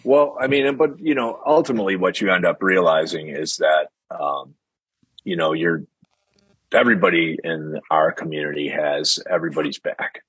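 Middle-aged male guest, candid anecdotes, husky and dry close sound. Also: low-pitched, moderate pace, a bit bright, no echo. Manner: candid storyteller, laughs often, acts out quotes. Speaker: guest drummer. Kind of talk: casual interview chat.

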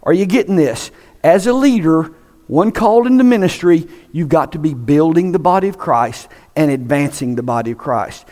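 A pastor delivers an emphatic sermon, his voice pitched high for a man. He pushes his points hard and climbs toward near-shouts. The sound rings with the long reverb of a church hall. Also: lively intonation, moderate pace. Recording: echoey hall.

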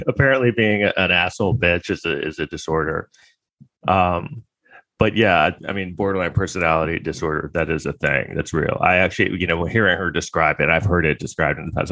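A man's voice: low voice, fairly bright tone, dry recording. A man delivering a comedic monologue in a crude, sarcastic, rambling way, full of fillers and restarts.

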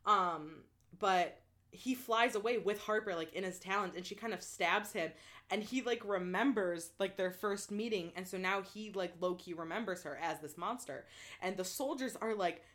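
A woman's voice: medium pitch, moderate pace. Chatty young woman retelling a plot. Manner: animated, chatty, heavy use of "like" and swearing. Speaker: book fan retelling a plot. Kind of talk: casual chat.

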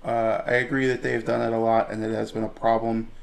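A man co-hosting a casual podcast, giving measured, easygoing opinions. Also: fairly low pitch, monotone, creaky. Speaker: podcast co-host. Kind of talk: casual wrestling podcast chat. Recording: echoey room.

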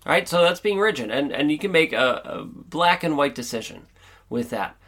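A man's voice: fairly high pitch, animated, moderate pace, fairly bright tone. A man hosting his own podcast and giving an upbeat, earnest, chatty pep talk. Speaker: podcast host. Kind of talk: motivational solo podcast monologue.

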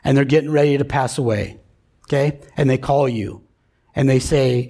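A man's voice: medium pitch, steady tone, moderate pace, warm tone. A middle-aged man preaching a sermon in a conversational, emphatic way, often checking in with the congregation. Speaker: pastor.

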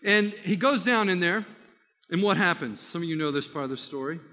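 A man preaching a sermon by retelling a story, animated and vivid, with frequent restarts. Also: sits high, a little fast, long reverb tail.

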